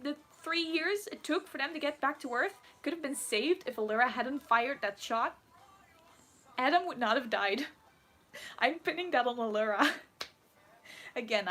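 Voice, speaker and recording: A woman's voice: on the high side, fairly bright tone, a little hiss or hum. A woman on a casual livestream, reading out viewer comments and answering them in a giggly, rambling, playfully dramatic way. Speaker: cosplayer streamer.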